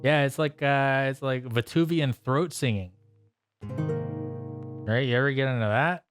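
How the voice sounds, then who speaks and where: A man's voice: medium pitch, a little slow. A man streaming a songwriting session, chatting casually in a rambling, self-interrupting way with frequent laughs. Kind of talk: casual chat while playing guitar. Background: guitar playing.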